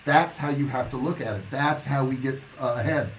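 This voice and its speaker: A man's voice: medium pitch, a little fast, slight background noise, poor audio. Older male coach in his sixties, plainspoken and motivational, chatting live and answering viewer questions. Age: 60s. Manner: blunt, motivational, reads viewer comments aloud. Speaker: online business coach. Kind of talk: casual livestream chat.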